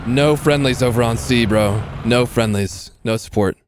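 A man's voice: mid-range voice, normal speed, noisy background. A young man commenting on a live tank game stream, swearing, sarcastic and chatting with viewers.

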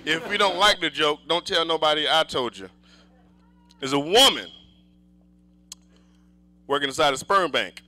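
A male stand-up comedian with a high, very bright voice. He tells his stories in a loose, cursing, conversational style. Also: low-quality recording. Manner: profane, conversational storytelling.

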